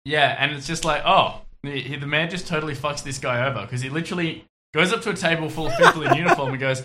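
A man's voice: on the high side, sing-song, quick pace, hardly any pauses, background noise. A man co-hosting a casual podcast, recapping an anime with dry sarcasm. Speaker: podcast co-host.

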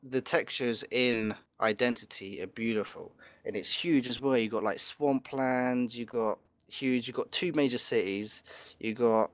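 A man's voice: mid-range voice, a little slow, dry recording. Rambling man, dry sound. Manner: rambling, frequent fillers and restarts. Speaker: podcast co-host. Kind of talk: casual gaming chat.

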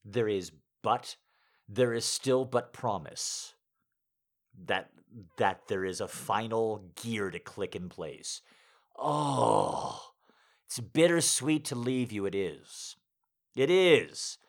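A man chatting to his listeners in a rambling, heartfelt way, with halting restarts. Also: fairly low pitch, expressive. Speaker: audio creator. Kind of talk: casual chat to listeners.

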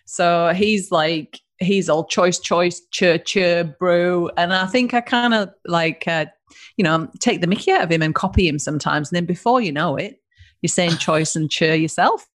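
Northern English woman, business founder guest, chatty and laughing, lower-pitched voice. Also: expressive, moderate pace. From northern England. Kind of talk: casual interview chat.

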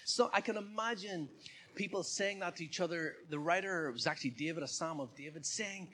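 A man's voice: on the high side, fairly quick, fairly bright tone. A man preaching a sermon in church in a conversational way, often putting questions to the congregation. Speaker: pastor.

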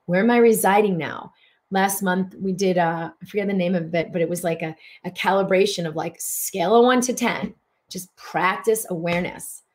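A woman with a somewhat low voice talks through a spiritual healing broadcast. She is earnest and flowing, and she leans on repeated words to stress her points. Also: darkish tone.

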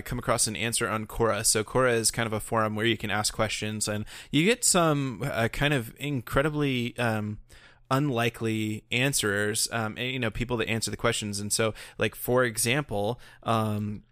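A podcast co-host with a mid-range, fairly bright voice chats casually, rambling with lots of fillers and restarts. The recording is dry and clean, studio quality.

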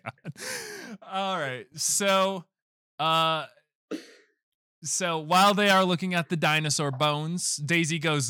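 A man hosting a casual podcast, retelling a film scene by scene and acting out the characters' lines in quick bits. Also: on the high side, smooth, no echo, clean studio sound. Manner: animated storytelling, acts out lines of movie characters. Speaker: podcast host recapping a film. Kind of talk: casual chat.

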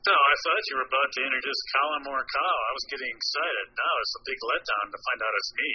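A man's voice: medium pitch, quick pace, husky, highs cut off. A man, a golf writer guest in a casual interview, talking in a wry, self-deprecating way and often restarting his sentences.

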